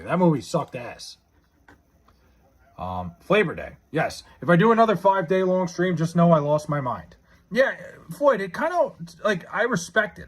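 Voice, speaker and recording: A man's voice: on the high side, fairly bright tone, slightly rough. A young man chatting casually on a live stream, reading chat and rambling with profanity and restarts.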